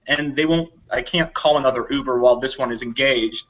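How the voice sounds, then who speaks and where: A man casually telling a long funny anecdote on a podcast, acting out what people said. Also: a little fast. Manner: animated storyteller acting out quotes in higher voices. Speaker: volunteer convention staff telling a story. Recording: dull lo-fi audio.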